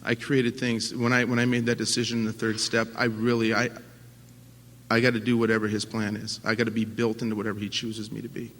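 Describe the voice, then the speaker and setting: A man giving a personal recovery talk to an audience at a convention, earnest and halting with many restarts, swinging from quiet to impassioned. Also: fairly low pitch, completely flat delivery, a little hiss or hum. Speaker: AA speaker. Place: large conference hall at a convention. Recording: long hall reverb from a live talk.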